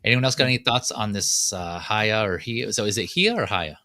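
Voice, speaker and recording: A man's voice: lowish voice, fairly quick, sharp tone, dry recording. A man hosting a casual chat about collectible figures, walking through the details with plenty of fillers. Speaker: podcast host.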